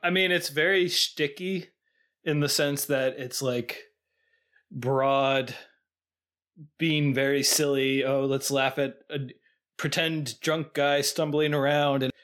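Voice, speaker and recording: A man's voice: mid-range voice, steady tone, unhurried, fairly bright tone. Thoughtful man in casual podcast chat. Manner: thoughtful, hesitant, many restarts. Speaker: podcast co-host.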